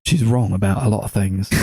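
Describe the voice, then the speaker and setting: A man's voice: lowish voice, steady tone, moderate pace, mellow, breathy edge, dry recording, studio quality. A man co-hosting a casual movie review podcast, sarcastic and mocking, swearing freely. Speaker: podcast co-host.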